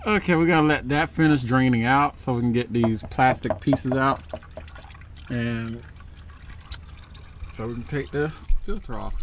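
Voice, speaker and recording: Guy doing an oil change on camera, slow easy talk, keeps saying oh my god, faint hiss behind. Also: mid-range voice. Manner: exclaiming, chatty, talks to his cat. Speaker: DIY car vlogger. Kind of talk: casual talk while working.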